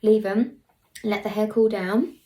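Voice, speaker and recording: A young woman, a hairstylist vlogger, gives a casual hair tutorial, chatting as she works and now and then dropping into murmurs. Her mid-range voice is mellow and level in tone, and she speaks a little slowly.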